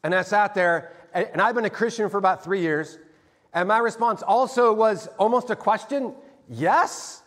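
A middle-aged man preaching from the pulpit in a high, light voice. He tells stories in a sermon style and grows animated when he acts out scenes. His voice rings with the long reverb of a large church hall. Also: moderate pace. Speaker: pastor. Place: church sanctuary.

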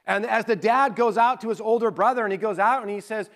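A male pastor preaching a sermon, telling a personal story earnestly, moving between hushed confession and fervent emphasis. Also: sits high, quick pace, hardly any pauses.

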